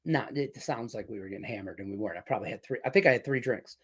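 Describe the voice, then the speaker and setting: A man's voice: lowish voice, rapid-fire, slightly rough. A middle-aged man from Detroit hosting a sports betting show, chatting casually and rambling through a profane story full of fillers. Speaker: sports betting podcast host. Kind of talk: casual chat with betting picks.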